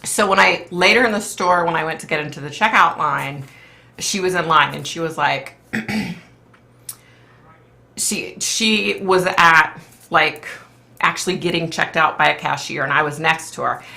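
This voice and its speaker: Woman, low pitch, bright, casual live-stream chat, rambling, filler-heavy. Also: normal speed, vocal fry. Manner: rambling, chatty, full of "like" and "you know". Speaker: psychic medium.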